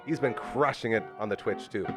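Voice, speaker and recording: A man's voice: lowish voice, music in the background. A man hosting a local live talk podcast in a studio, upbeat and hyping up his guests. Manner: upbeat, fast, hypes up guests. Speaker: podcast host. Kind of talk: casual chat. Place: radio studio.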